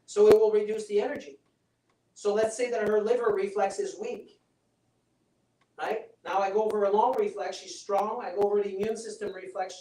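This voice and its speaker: In a seminar room, a man with a high, darkish-toned voice gives a live health seminar with a demonstration, chatty and persuasive as he often checks in with the audience. A distant mic gives the recording a roomy sound.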